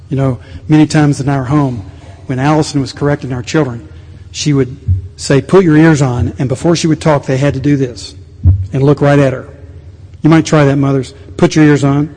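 Preaching man in a reverberant hall. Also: mid-range voice. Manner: animated preaching with sudden quiet asides. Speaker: pastor. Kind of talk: sermon. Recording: long reverb of a large hall.

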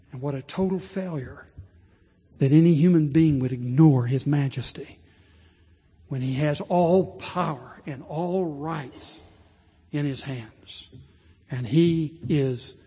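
A man preaching a sermon as pastor, rising to impassioned pleading and dropping low and slow. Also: dark tone, husky. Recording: long reverb of a large hall.

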